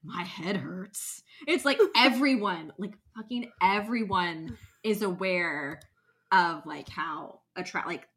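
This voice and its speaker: A woman co-hosting a podcast, chatting casually about a book with lots of "like" and animated reading of quotes. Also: mid-range voice, takes it slowly. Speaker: podcast co-host. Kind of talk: casual book chat, reading excerpts aloud.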